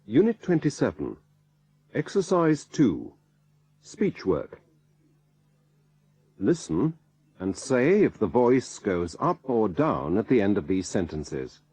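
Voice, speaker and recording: Slow, husky male course narrator. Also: on the low side, big pitch swings, warm tone, no room sound. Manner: measured, announcing. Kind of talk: scripted instructions.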